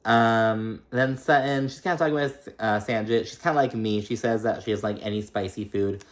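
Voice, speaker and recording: A man's voice: fairly even intonation, moderate pace. Chatty young man recapping reality TV. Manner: chatty and profane, laughing often, mimicking cast members in a high voice.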